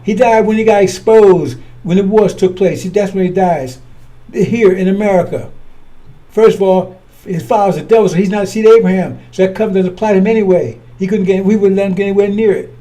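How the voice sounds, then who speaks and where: A man's voice: sits high, warm tone. A man preaching in a blunt, scornful way, often repeating and restarting his words. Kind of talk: fiery preaching.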